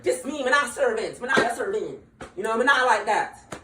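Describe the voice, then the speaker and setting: A speaker putting on a blunt, impatient restaurant server, firing off rapid, dismissive questions. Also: mid-range voice, animated, background noise, lightly acted. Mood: brusque. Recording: roomy, distant mic, faint ambience.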